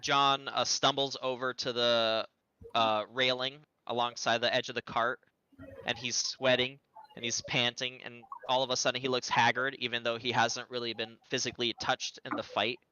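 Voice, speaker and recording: Guy player, super bright crisp voice, lots of uhs, dry dull mic. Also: medium pitch, flat delivery, normal speed, no room sound. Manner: many fillers while narrating. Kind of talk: narrating his character's actions in a tabletop game.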